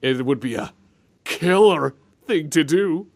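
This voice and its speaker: A man's voice: on the high side, expressive, takes it slowly, darkish tone. A man co-hosting a casual comedy chat, playful and prone to breaking into silly voices. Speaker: podcast co-host.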